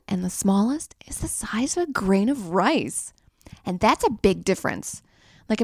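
A woman's voice: fairly high pitch, no room sound, clean studio sound. A young woman hosting a podcast, riffing through a crude, rambling comedic monologue. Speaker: podcast host.

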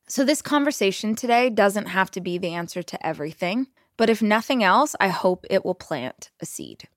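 A woman's voice: medium pitch, animated, normal speed, hardly any pauses, no room sound, studio quality. A woman hosting a motivational podcast, talking directly and encouragingly to her listener. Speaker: podcast host.

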